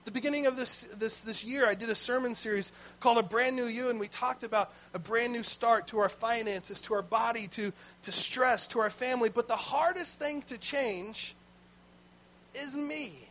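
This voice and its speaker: A man's voice: very high-pitched, normal speed, fairly bright tone, poor audio. A man preaching a sermon as pastor, telling a story in a conversational way with asides to the congregation.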